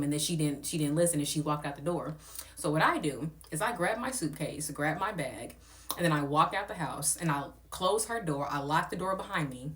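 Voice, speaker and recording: A woman's voice: low voice, fast, fairly bright tone. A young woman telling a rambling, profane storytime in a casual, blunt way. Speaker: content creator.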